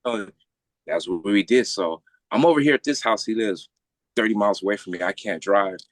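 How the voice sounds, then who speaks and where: A man with a voice on the low side talks fairly quickly, with no room sound, as he casually tells a long story from his own life. Animated and freely profane, he acts out the voices of the characters.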